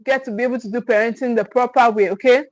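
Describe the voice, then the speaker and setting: A woman with a slightly high, fairly even voice talks fast, and the recording is dry and rough. She's a parenting coach teaching on a livestream, stressing and repeating her key phrases and checking in directly with viewers.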